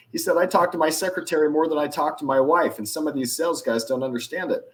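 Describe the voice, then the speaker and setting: A man telling sales stories as a podcast guest, acting out the dialogue with lively shifts in his delivery. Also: on the high side, quick pace. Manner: animated, acts out dialogue in anecdotes. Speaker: podcast guest, influence expert. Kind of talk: casual storytelling interview.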